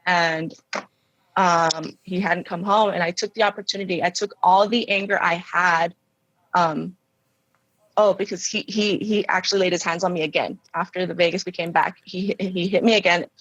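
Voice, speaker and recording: A woman guest telling her personal story in an interview, halting, with many fillers and restarts. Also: on the low side, no echo, muffled recording. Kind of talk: emotional personal testimony.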